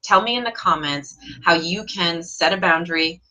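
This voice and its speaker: A woman teaching an online English lesson, reading out viewer comments and asking direct, encouraging questions with lively jumps in pitch. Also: normal speed.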